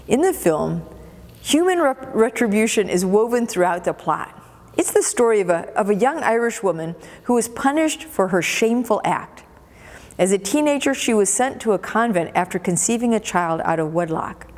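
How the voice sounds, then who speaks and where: Her voice is medium in pitch and a little mellow: a woman pastor preaching in a church sanctuary, expressively telling a story and repeating words for emphasis. The recording has a long church reverb.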